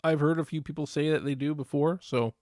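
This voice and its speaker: A man's voice: a little high, fairly even intonation, fairly quick, a little mellow, no room sound, studio quality. A man hosting a casual live stream reaction, chatting to viewers in a rambling, easygoing way with many restarts.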